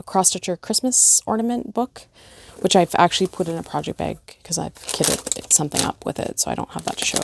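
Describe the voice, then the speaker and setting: A middle-aged woman talks through her craft haul in a chatty, gushing way, full of fillers. Her voice sits a little low and carries a strong gravelly fry. Steady background noise runs under the home recording. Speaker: cross-stitch vlogger. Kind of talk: casual show-and-tell chat.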